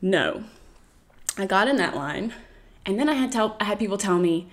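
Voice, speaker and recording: Animated woman telling a travel story. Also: mid-range voice, moderate pace. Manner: animated, laughs often, acts out quoted voices. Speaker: podcast storyteller. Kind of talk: casual storytelling.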